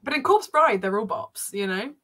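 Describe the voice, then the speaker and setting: A woman's voice: a little high, big pitch swings, normal speed, a bit bright. Chatty woman, laughs a lot. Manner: chatty, laughs often, acts out quotes. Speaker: co-host. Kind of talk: casual chat.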